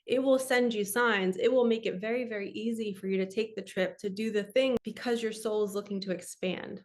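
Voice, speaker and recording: Woman host, earnest and chatty, middle pitch, personal storytelling to listeners. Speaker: spiritual podcast host.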